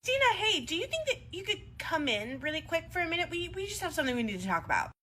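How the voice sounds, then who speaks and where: A woman's voice: very high voice, big pitch swings, quick pace, bright, forceful tone, slight background noise. A woman who made the skit narrates its wrap-up in a wry, playful way. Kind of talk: comedic narration.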